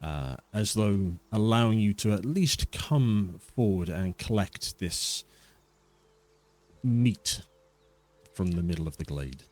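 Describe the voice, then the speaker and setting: A man's voice: lowish voice, lively intonation, slow, a little mellow. A man narrating a tabletop fantasy game as its game master.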